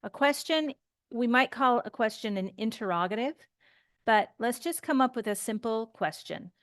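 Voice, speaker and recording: A woman teaching an English grammar lesson, explaining slowly and patiently and often checking in with "okay?". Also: a little high, lively intonation, a bit bright, no room sound, clean studio sound.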